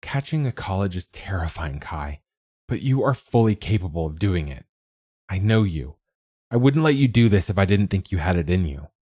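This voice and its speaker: A man's voice: low voice, very animated, normal speed, a little mellow, no echo, clean studio sound. A man voicing a loving father in an audiobook, earnest and reassuring as he comforts his daughter.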